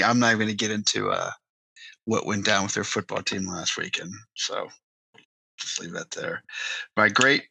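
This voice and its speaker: Guy on a podcast, gravelly low voice, really bright and sharp, dry sound. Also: no echo, rough recording. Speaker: podcast co-host. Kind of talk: casual chat.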